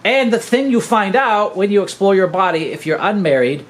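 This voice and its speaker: A man's voice: high voice, lively intonation, normal speed, poor audio. A man in his fifties, a podcast host, gives an earnest, preachy teaching monologue and keeps calling his listeners "guys". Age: 50s.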